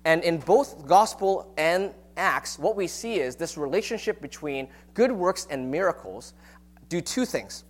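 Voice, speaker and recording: A man preaching a sermon on a Bible passage in a relaxed, conversational teaching manner, with frequent rhetorical questions. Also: on the high side, unhurried. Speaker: pastor.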